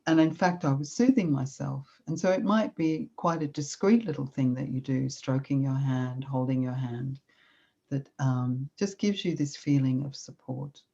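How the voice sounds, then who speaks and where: Calm low-voiced woman guiding a meditation. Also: vocal fry, breathy edge. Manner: calm, warm, unhurried, with soft guiding instructions. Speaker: speaker leading a self-compassion session. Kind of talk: gentle talk with guided meditation. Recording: slightly dull lo-fi recording.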